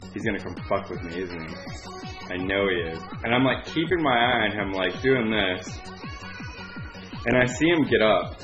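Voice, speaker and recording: A young man telling a casual story, rambling with lots of filler words and frequent swearing. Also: lowish voice. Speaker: vlogger. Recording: dull lo-fi recording with music behind.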